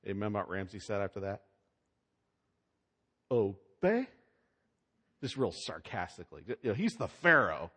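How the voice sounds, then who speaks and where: A man preaching a sermon, swinging between loud, emphatic lines and hushed asides. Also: lowish voice, lively intonation, quick pace, hardly any pauses. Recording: long hall reverb.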